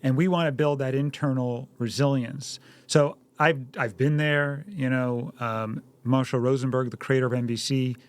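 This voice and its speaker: A man's voice: medium pitch, fairly even intonation, moderate pace, few pauses, clear, resonant tone. A middle-aged man co-hosting a parenting talk, earnest and storytelling, acting out little dialogues. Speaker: podcast co-host, parent.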